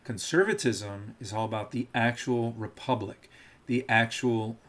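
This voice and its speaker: A male streamer talking live from his setup in a loose, rambling way, often breaking into laughter and mocking impressions. His pitch sits in an ordinary middle range for a man. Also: fairly even intonation, measured pace, a bit bright.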